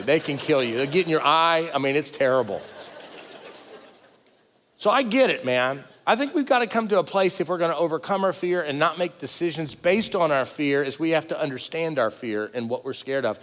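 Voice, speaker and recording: A middle-aged man, preaching a sermon as pastor in a folksy, animated, self-deprecating way. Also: on the high side, long reverb tail. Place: church sanctuary with multiple campuses.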